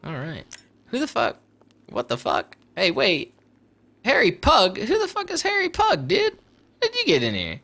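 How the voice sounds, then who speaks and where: A young man with a high, gravelly, pushed and bright voice streams a game, his pitch swooping wildly at a moderate pace. Swearing and laughing, he exclaims at the action and chats casually with a friend, and the stream audio is noisy.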